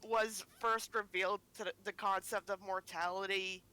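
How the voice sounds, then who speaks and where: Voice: mid-range voice, flat delivery, moderate pace, bright, forceful tone, clean tone, low-quality recording. A person in their twenties, chatting casually as a stream guest, rambling with lots of filler words. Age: 20s. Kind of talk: casual livestream chat.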